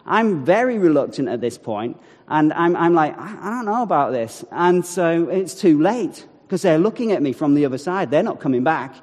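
A man telling a personal faith story to an audience, animated, with acted-out quotes and wry asides. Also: a little high, normal speed. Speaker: speaker telling a testimony. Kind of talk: storytelling talk. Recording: long hall reverb.

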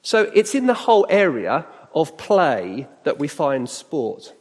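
A middle-aged man from Britain gives a chatty sermon-style talk, putting questions to his listeners as he goes. His voice sits a little high for a man. It rings out with a long reverb across a church hall. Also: sing-song, slow pace, breathy edge. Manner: chatty, conversational, asks the audience questions. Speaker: church speaker.

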